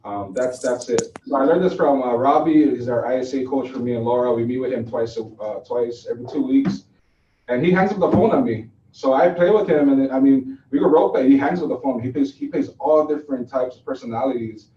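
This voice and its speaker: A man runs a sales training in a mellow, unhurried voice, caught by a mic some way off. The room is echoey and the sound is dull. He talks loosely, full of fillers and restarts. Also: medium pitch, distant mic, a little hiss or hum. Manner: casual, loose and chatty with fillers. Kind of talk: classroom training talk.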